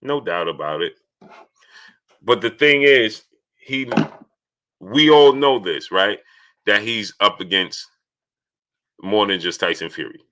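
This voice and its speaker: A man's voice: fairly low pitch, a little slow, pauses often. A man hosting a casual live stream, reading out viewer names to greet them and arguing his points. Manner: reads out viewer names and greets each one; grows loud and insistent when arguing.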